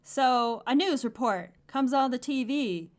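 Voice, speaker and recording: A woman co-hosting a podcast and recapping a comic in a casual, animated way. She laughs often, and her voice sits a bit high. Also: unhurried. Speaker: podcast co-host.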